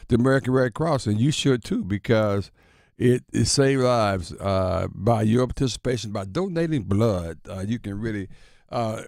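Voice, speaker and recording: A man hosting a sports talk show, chatting in a relaxed, affirming way. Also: on the low side, moderate pace, vocal fry, no echo, studio quality. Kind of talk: casual sports radio talk.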